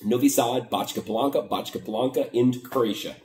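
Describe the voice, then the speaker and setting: A man's voice: mid-range voice, brisk, a little mellow, reverberant, recorded from a distance. A man from the United States casually retelling a border crossing story, acting out both sides of the conversation. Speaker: vlogger.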